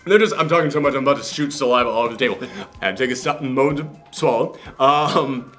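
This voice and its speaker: A young man hosting a casual film review chat, animated and excitable, swearing casually. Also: medium pitch, fast talker, faint music behind. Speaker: podcast host.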